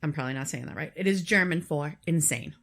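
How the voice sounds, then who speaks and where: A woman's voice: low-pitched, quick pace, fairly bright tone. A woman co-hosting a podcast, casually telling a true story with frequent fillers and restarts. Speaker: podcast co-host.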